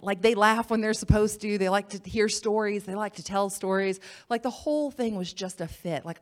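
A woman giving a personal testimony as a missionary, telling her story in a lively way and acting out the voices of the people she quotes. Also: medium pitch. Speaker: missionary speaker.

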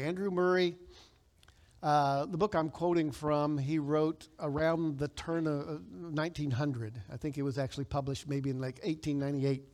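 Male pastor, high voice, conversational sermon with emphatic call-and-response bursts. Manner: conversational, with emphatic loud bursts when quoting scripture; leads the congregation in call-and-response.

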